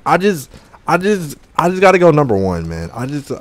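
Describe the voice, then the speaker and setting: A man's voice: on the high side, very animated, a little fast. A young man gaming and chatting casually, out of breath and burning from hot wings, groaning and joking between exclamations. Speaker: gaming YouTuber.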